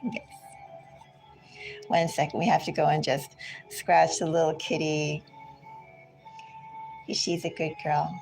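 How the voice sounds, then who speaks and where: A woman giving a casual tarot reading from home, chatty and unhurried, drifting into side remarks. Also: deep voice, level tone, vocal fry, a little mellow, soft background music. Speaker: tarot reader. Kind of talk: casual spiritual reading chat.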